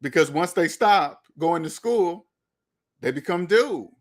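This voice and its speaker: Speaking slowly but with animation, a man whose voice runs on the high side delivers opinionated video commentary as a finance commentator. He lectures bluntly about money and debt, often circling back to say the same things again.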